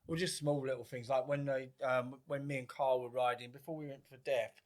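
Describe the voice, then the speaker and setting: A man's voice: mid-range voice, steady tone, fairly quick. Laid-back man in his fifties. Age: 50s. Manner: rambling, laid-back storytelling with frequent swearing and restarts. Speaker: guest. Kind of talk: casual podcast chat.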